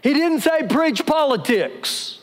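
Male pastor, high-pitched, emphatic live sermon, lingering church reverb. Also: very animated, slow. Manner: emphatic preaching, repeats key phrases. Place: church sanctuary during a service.

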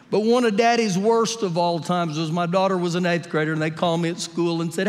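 A male pastor preaching a sermon during a live church service, telling animated, humorous stories and acting out the voices in them. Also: high voice, fairly quick. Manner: animated storytelling, acts out quotes with humor. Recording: live church audio with long hall reverb.

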